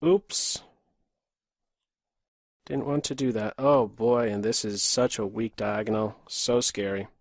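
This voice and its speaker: Man muttering chess commentary, unhurried. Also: fairly low pitch, fairly even intonation, dry recording, clean studio sound. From Pennsylvania, USA. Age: 30s. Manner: muttering running commentary, terse half-sentences to himself. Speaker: chess streamer. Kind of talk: live commentary while playing bullet chess.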